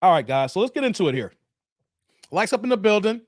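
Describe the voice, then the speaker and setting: A man's voice: high-pitched, big pitch swings, quick pace, dry recording, studio quality. A man hosting a casual live stream, chatting loosely with viewers, answering their comments and often tossing in "man". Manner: brash and defiant toward critics.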